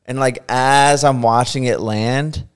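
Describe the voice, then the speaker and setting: A man at a middle, ordinary pitch tells a casual story on a podcast. He talks freely and easily, and his voice lifts and breaks into laughter as the story builds. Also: slow, clear, resonant tone. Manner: animated, laughing, acts out quotes. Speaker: podcast guest.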